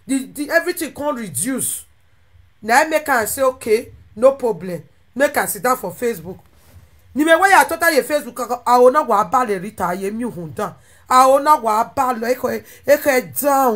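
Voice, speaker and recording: A woman speaking with a Nigerian Pidgin accent, ranting animatedly to her followers and swinging between loud outbursts and quieter asides. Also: high voice. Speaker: social media content creator. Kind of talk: impassioned monologue to followers.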